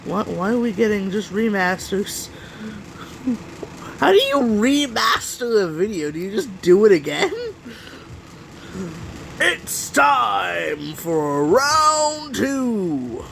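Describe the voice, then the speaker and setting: A woman's voice: mid-range voice, sing-song, measured pace, gravelly, slight background noise, low-quality recording. A woman hosting a reaction video in casual, rambling commentary, talking to herself and swearing now and then. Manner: rambling, swears, talks to herself while browsing.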